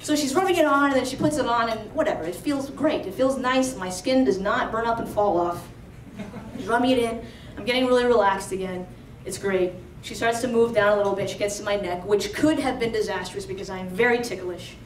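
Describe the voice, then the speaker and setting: Chatty high-voiced woman telling a story. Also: fairly quick, slight background noise. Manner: chatty, animated, lots of "like". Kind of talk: live storytelling. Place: storytelling stage before an audience. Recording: roomy, distant live-stage mic.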